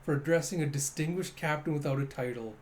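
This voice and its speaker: A man voicing a cocky, boastful young male captain who barks brisk orders, with faint noise behind. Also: fairly high pitch, close to an everyday voice. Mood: smug.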